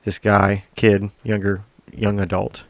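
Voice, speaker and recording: Low-voiced man telling a rambling story. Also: level tone, a little slow, no echo. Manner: profane, rambling, laughs a lot. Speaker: podcast co-host. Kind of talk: casual storytelling chat.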